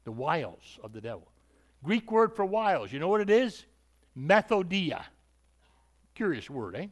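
A man's voice: high voice, sing-song, normal speed. A male preacher giving an emphatic sermon, repeating points and asking rhetorical questions.

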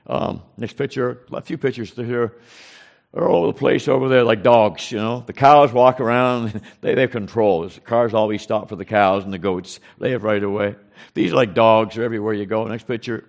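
A man with a gravelly, creaky voice speaks at an ordinary middle pitch. He tells earnest mission stories to a congregation, repeating phrases and restarting sentences as he goes. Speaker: missionary preacher giving a slide report. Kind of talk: informal mission report to a congregation.

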